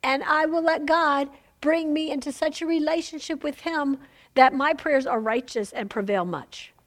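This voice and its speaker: A woman's voice: high voice, normal speed. A woman teaching a women's Bible study in an informal sermon, chatty, laughing often and asking "Amen?" of her listeners.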